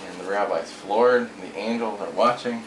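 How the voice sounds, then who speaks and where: A man casually telling a string of jokes, relaxed and chatty, now and then acting out the people in them. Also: fairly low pitch, moderate pace. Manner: relaxed storyteller, acts out voices in quotes. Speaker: joke teller. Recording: echoey room with faint noise.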